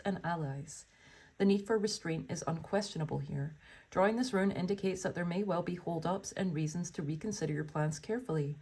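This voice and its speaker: A woman with a somewhat low voice gives a tarot reading. She reads card meanings aloud and then chats to her viewers, full of exclamations and delighted asides. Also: a little mellow, husky. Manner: gushing and exclamatory, full of wows and oh my goshes.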